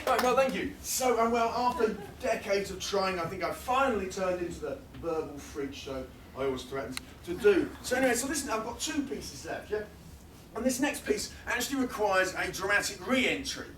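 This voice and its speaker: A man performing comic spoken-word poetry live at a festival, rhythmic and building into rapid-fire lists. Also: sits high, expressive, fairly bright tone, slight background noise. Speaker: performance poet. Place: fringe festival venue, live audience. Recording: roomy sound from a distant mic.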